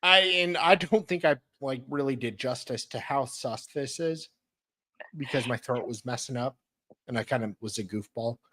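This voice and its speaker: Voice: medium pitch, normal speed, pushed and bright. An American co-host chatting casually on a live stream. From United States.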